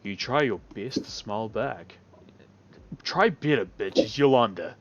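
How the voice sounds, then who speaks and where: A man's voice: lowish voice, lively intonation, measured pace, lo-fi sound. A man streaming a visual novel, reading the narration aloud and cutting in with crude, sarcastic comments. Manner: crude, sarcastic, often laughing. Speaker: game streamer.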